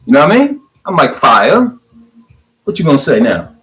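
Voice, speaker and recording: Hyped middle-aged guy with AAVE ranting on his vlog, voice a bit high, swings all over. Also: normal speed, low-quality recording. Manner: animated, preachy, swings from hyped to calm. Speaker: video blogger. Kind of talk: fired-up social media rant.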